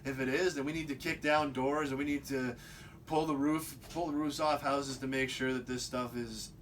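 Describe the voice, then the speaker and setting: Man, mid-range voice, rambling casual talk, repeated restarts, faint background rumble. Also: steady tone, moderate pace, fairly bright tone. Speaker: video host. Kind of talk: casual monologue.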